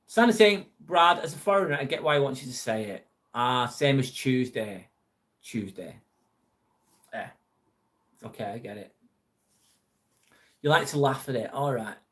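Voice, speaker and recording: A man's voice: mid-range voice, expressive, a little slow, pauses often, fairly bright tone. A man hosting a casual livestream, chatting bluntly with viewers and swearing freely. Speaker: livestream host reading viewer chat. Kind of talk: casual live chat.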